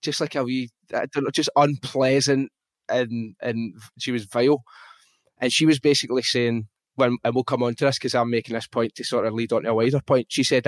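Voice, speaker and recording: A man's voice: mid-range voice, fairly quick, dry recording. Frank Glaswegian man telling a story. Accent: Scottish, Glaswegian. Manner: animated, frank, swears freely. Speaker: guest on a podcast. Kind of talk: casual conversational storytelling.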